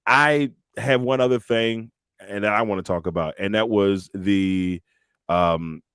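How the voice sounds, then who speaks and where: Animated man retelling wrestling moments. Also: on the low side, a little slow, clean tone, no room sound, studio quality. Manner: animated storyteller, acts out quotes and entrance music. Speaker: podcast co-host. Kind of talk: casual wrestling chat.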